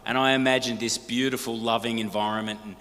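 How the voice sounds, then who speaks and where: A middle-aged Australian man telling lively, jokey stories to a church audience and asking them questions. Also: mid-range voice, quick pace. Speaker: guest speaker. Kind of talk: storytelling talk to a church congregation. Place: large church hall. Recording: church hall reverb.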